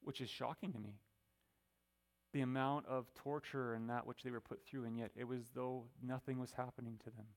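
A middle-aged male pastor preaching a sermon, emphatic, slowing down when he reads scripture. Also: medium pitch, fairly even intonation.

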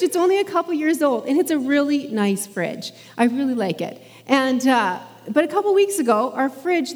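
A woman preaching a sermon in a chatty, conversational way, laughing now and then and using plenty of fillers. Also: on the high side. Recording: long hall reverb.

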